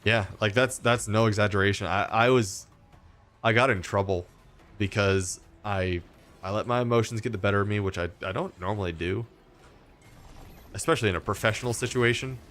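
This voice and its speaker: Man from Texas, gaming streamer, fairly low voice, casual rambling chat, fillers and restarts. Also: brisk, a bit bright, faint music behind.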